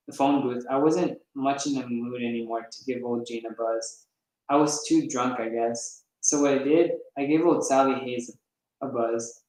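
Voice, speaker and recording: A man's voice: mid-range voice, darkish tone. A man reads a novel aloud in an easygoing first-person voice, stumbling over a word now and then. His voice sits in the middle range, and the room echoes heavily around him. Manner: casual first-person storytelling with some stumbles. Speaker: reader. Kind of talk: audiobook reading of a novel.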